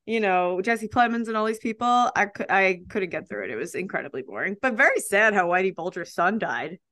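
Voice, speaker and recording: A woman's voice: medium pitch, lively intonation, fairly quick, a bit bright. A woman in her thirties co-hosting a podcast, rambling in casual chat with lots of "like" and asides. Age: 30s. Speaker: podcast co-host.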